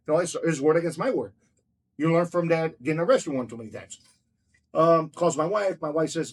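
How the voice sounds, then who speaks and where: A man telling a story in a casual interview, profane and excitable, repeating himself as he goes. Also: a little high, a little fast. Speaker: restaurant owner telling his story.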